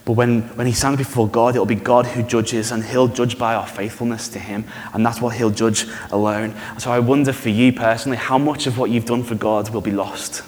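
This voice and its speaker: A man preaching a sermon in a church, conversational and animated, often asking the congregation questions. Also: medium pitch, brisk, few pauses. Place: church hall. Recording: reverberant church hall.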